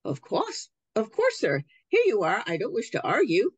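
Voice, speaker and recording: A woman's voice: a little high, huge pitch swings, moderate pace, breathy edge, no echo, voice pushed up, heavily acted. A woman reading aloud as a greedy, fretful shopkeeper in a storybook, placating and anxious. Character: greedy middle-aged male shopkeeper, fretful.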